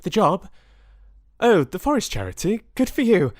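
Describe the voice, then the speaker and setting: A man reading the part of an uneasy, distracted young woman, voicing her much higher and louder than his narration. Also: wildly swooping pitch, moderate pace, dry recording, studio quality.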